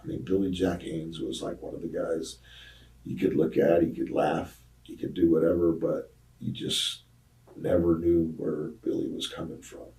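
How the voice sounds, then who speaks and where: A man's voice: deep voice, little pitch movement, normal speed, gravelly, dark tone, far from the mic, rough recording. An older man, a retired wrestler, telling rambling road stories in an interview, with plenty of ums and uhs as he acts out what others said. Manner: rambling anecdotes with many fillers, acting out quoted voices. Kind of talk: casual storytelling interview.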